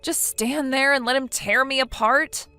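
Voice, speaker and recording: Brief: woman voicing whiny, defensive young wife, text-story read, soft music behind. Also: high-pitched, a little slow, clear, resonant tone. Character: self-pitying young wife who cheated.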